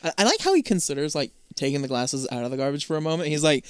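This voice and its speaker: A co-host chatting loosely on a podcast, cutting in with corrections and the odd curse. The voice sits at a middle pitch. The sound is dry and close. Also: sing-song, rapid-fire, clear, resonant tone, no echo. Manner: chatty, swears, jumps in with corrections. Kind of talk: casual chat.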